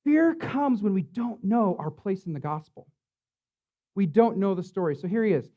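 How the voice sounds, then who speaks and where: As the church's pastor, a high-voiced man preaches a sermon at a moderate pace in a relaxed, conversational style, full of fillers and tag questions like "right?" aimed at his listeners. The recording is muffled and lo-fi.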